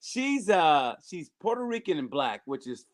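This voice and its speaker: A man telling a long, profane story in casual podcast chat, animated and full of restarts and acted-out quotes. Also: fairly high pitch, a little slow, crowd noise.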